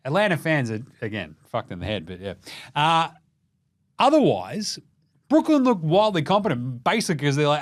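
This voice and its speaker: A man's voice: fairly high pitch, very animated, moderate pace. A young Australian man hosting a casual, sweary basketball recap, joking and putting on mock voices of players. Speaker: basketball podcast host.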